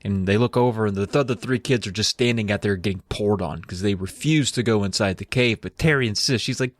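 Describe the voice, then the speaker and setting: A man's voice: on the low side, a little fast, no echo. A man co-hosting a comedic book recap podcast, retelling the plot in a rambling, casual way. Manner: rambling storyteller, many fillers. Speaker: podcast co-host.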